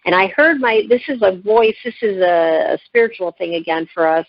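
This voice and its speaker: A woman guest in an interview, telling a personal story with lively, emotional delivery and frequent restarts. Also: medium pitch, moderate pace, no echo, lo-fi sound. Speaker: guest, living kidney donor.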